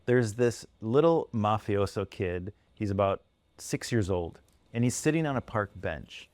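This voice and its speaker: A man co-hosting a podcast who tells animated stories and laughs often. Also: lowish voice, measured pace, no room sound. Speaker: podcast co-host. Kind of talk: casual storytelling chat.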